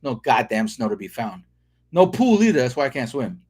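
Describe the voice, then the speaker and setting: A man's voice: mid-range voice, big pitch swings, brisk, darkish tone, husky. A man from the Los Angeles area chatting casually on a livestream, telling rambling stories full of slang and swearing. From Los Angeles area, California. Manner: laid-back, profane, rambling with slang. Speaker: livestreamer reading comments. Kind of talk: casual livestream chat, storytelling.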